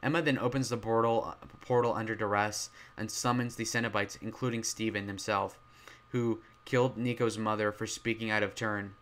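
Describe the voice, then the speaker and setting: Man, lowish voice, loud film review, rambling with fillers, straining voice. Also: steady tone, moderate pace. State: straining, losing his voice. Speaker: movie reviewer. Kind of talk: casual spoken film review.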